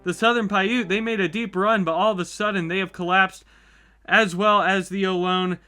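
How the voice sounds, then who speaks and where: High, bright-voiced man commentating. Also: normal speed, clear, resonant tone. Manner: upbeat, chatty, reacts with excitement. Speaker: YouTube host. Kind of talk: live commentary on a map simulation.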